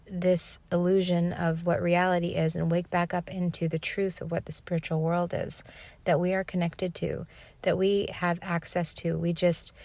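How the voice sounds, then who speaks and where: A woman's voice: on the low side, creaky, a little mellow, dry recording. A woman hosting a podcast, telling a personal spiritual story in an earnest, reflective way. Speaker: podcast host.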